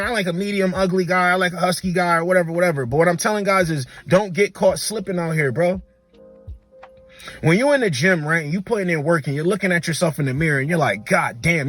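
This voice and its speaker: A man's voice: sits high, fairly bright tone. A man giving blunt, slangy reaction commentary, repeating words for emphasis. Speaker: dating commentator.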